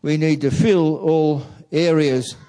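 A man giving a reflective talk to a church audience, speaking in a slow, measured way. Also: a little high, fairly even intonation, dark tone, smooth, poor audio. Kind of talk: reflective talk, reading song lyrics aloud.

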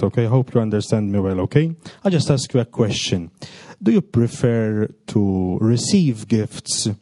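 A man who is a priest with a non-native English accent. He reads a gospel passage, then gently questions children, ending his sentences with tag words. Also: on the low side, no room sound. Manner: gentle, coaxing, repeats questions, ends with "no?" and "okay?".

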